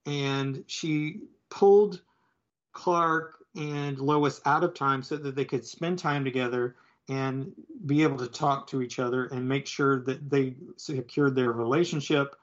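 A man with a middle-pitched voice casually retells a comic book story on a podcast. He rambles, restarts and fills gaps with "uh" and "like". The recording sounds a little dull and lo-fi. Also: measured pace. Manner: rambling, filler-heavy storytelling. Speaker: podcast co-host. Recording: slightly dull lo-fi audio.

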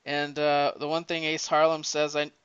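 A man in casual chat, retelling a comic story in a rambling, animated way, with many restarts. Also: fairly high pitch, normal speed, clean tone, no room sound. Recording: dull lo-fi recording.

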